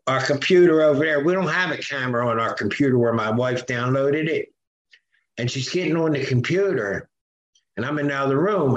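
A man's voice: medium pitch, highs cut off. Older man, roomy sound. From Philadelphia, USA. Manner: animated, acts out quoted voices, frequent fillers. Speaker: podcast guest. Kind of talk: conversational storytelling.

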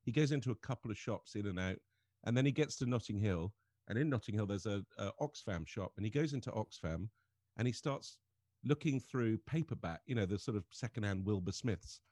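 An English man telling funny stories in casual chat, animated and often laughing as he talks. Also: fairly low pitch, fairly quick, dry recording, studio quality. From England. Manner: animated storyteller, laughs through his stories. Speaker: comedian guest.

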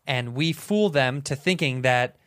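A man co-hosting a podcast, enthusiastically pitching ideas in casual, profane chat. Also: animated, measured pace, a bit bright, clear, resonant tone, no room sound, clean studio sound. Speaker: podcast co-host.

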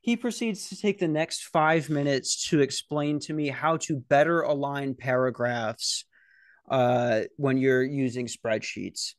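A young man hosting a podcast, rambling through stories in an animated, profane way. His voice sits at an ordinary middle pitch, and the recording is dry and close with no room sound. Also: takes it slowly, dry recording. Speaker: podcast host. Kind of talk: casual storytelling. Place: security office at night.

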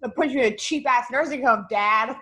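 A woman's voice: a little high, fairly quick, fairly bright tone. A woman in her thirties, a podcast guest, talking frankly and bluntly about dating in casual comedic chat. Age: 30s.

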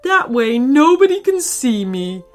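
A woman voicing a sad, lonely, shy monster who hides in the dark, speaking slowly and mournfully in a storybook reading. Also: high voice, very animated, soft background music. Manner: slow, mournful, withdrawn.

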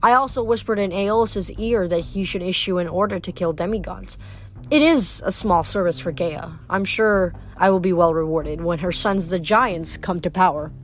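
A woman reading a book aloud, voicing a cold, scheming female snow goddess in an unhurried, purring way. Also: on the low side, natural voice. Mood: silky, scheming. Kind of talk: read-aloud book narration.

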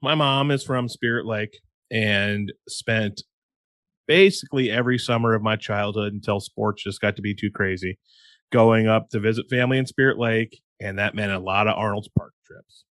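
A man's voice: fairly low pitch, fairly even intonation, moderate pace, fairly bright tone, dry recording. Chatty male podcast host, dry sound. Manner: rambling, self-mocking storyteller. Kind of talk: casual chat.

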